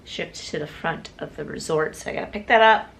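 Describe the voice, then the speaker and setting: A young woman vlogging in a casual, excited way, full of fillers, her voice croaky from just waking up. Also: low-pitched, a little fast. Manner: chatty, excited, lots of fillers. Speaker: travel vlogger. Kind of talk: casual vlog chat. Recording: noisy outdoor street background.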